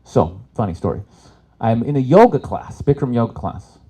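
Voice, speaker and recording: Animated man doing stand-up. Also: mid-range voice, normal speed, husky. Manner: animated, jumps into loud shouted impressions. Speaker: stand-up comic. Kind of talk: live stand-up storytelling. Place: expo stage before an audience.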